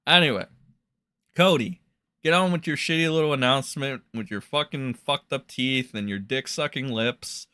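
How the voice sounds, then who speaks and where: A man's voice: medium pitch, normal speed, sharp tone, clear, resonant tone, no echo, studio quality. A man hosting a livestream, mocking and ranting with constant swearing and lots of "like" and "all right". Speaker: livestream commentary host. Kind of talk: profane reaction commentary.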